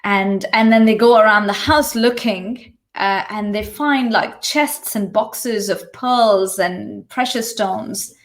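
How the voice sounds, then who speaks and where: A woman hosting an online session, retelling a fairy tale in a relaxed, conversational way and often checking in with "you know" and "right?". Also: mid-range voice, slow, hardly any pauses. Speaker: workshop host.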